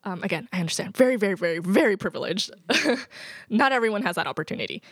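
A woman's voice: medium pitch, expressive, fast, husky, no echo, clean studio sound. A woman in her twenties telling a personal story on a podcast, laughing often. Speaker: podcast guest. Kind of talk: casual chat.

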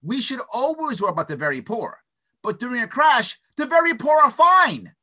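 A man talking as an interview guest, giving an opinionated, animated argument with stuttered restarts and frequent "right?" tags. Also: very high voice, brisk. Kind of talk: opinionated conversational monologue.

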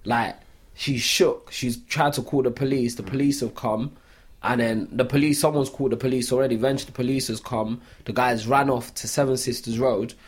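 Young podcast host, husky, animated storyteller, mid-pitched. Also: male voice, a little fast. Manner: animated storytelling full of "like" fillers. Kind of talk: casual chat.

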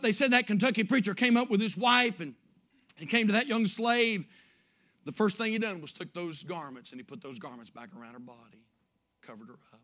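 Middle-aged preacher man, real high and bright, storytelling then hollering. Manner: storytelling, rising to shouted fervor. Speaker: pastor. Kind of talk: sermon.

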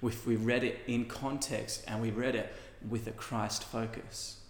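A man's voice: mid-range voice, level tone, unhurried. A male pastor preaching a sermon in an earnest, conversational way with casual asides. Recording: echoey hall with long reverb.

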